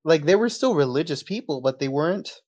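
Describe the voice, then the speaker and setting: A man's voice: on the high side, lively intonation, a little fast, a little mellow. A man with a slight Texan accent chatting as a podcast guest, telling stories and laughing often. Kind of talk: casual podcast chat.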